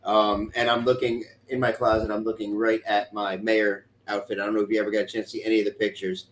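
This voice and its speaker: A man co-hosting a live stream, chatting casually, excitable and over the top, laughing easily. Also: fairly low pitch, fast, slight background noise. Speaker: podcast co-host. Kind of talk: casual chat. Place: home studio for a live stream.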